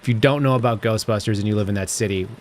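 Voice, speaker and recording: A man's voice: lowish voice, rapid-fire, noisy background. An American man hosting a live stream, joking with his viewers and a reporter in the field. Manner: jokey, wry, talks to chat viewers. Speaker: livestream host. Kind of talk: casual live-stream banter.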